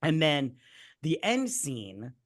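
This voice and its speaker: A man with a fairly high voice retells scenes from a movie on a casual review podcast. He acts out the characters as he goes, with lots of swearing, and keeps the energy high. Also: slow. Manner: animated storytelling, acting out characters with profanity. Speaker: podcast co-host.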